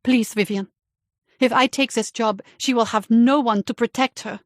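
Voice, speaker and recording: A woman's voice: on the high side, fairly even intonation, moderate pace, no echo, studio quality, natural voice. A woman reading the part of a young housekeeper who speaks carefully and earnestly. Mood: pleading. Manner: careful, pleading.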